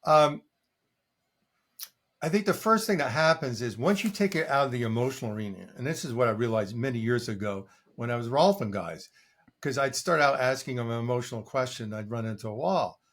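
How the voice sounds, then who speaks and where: An older man, a coach being interviewed, telling stories in a lively way and acting out what his clients say. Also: mid-range voice, fairly quick. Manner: animated storytelling, acting out quoted clients. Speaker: coach and guest. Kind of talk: conversational interview answer.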